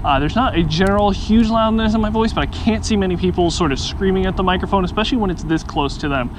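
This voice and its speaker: A man's voice: high-pitched, fast talker, hardly any pauses. A man casually explaining a gear test step by step while outdoors on a clip-on wireless mic, with wind and helicopters around. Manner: chatty, narrates each step as he goes. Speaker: gear reviewer. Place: outdoors, parking garage roof and hill trail. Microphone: clip-on wireless mic near mouth.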